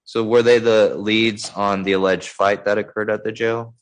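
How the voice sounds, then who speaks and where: A man cross-examining a witness in a court hearing, measured and polite, with hesitant fillers. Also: on the low side, level tone, rough recording. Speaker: defense attorney.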